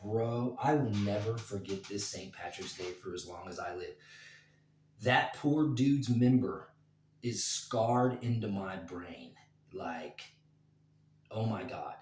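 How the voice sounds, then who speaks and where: A man's voice: on the low side, slow pace, a little mellow, a little hiss or hum. A man in his forties, a vlogger and former bouncer, telling a crude story at home in a rambling, casual way with many fillers. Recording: roomy, distant from mic.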